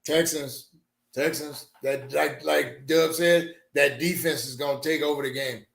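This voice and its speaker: Gravelly man in a roomy echo. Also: on the high side, steady tone, a little slow, a bit bright. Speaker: podcast panelist. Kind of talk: casual sports podcast chat.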